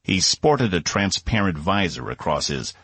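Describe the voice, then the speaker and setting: A man reads an audiobook in a low, husky voice. His delivery moves widely in pitch, and the recording is dry and close. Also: a little slow, no room sound. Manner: expressive storytelling. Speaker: audiobook narrator. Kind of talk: scripted narration.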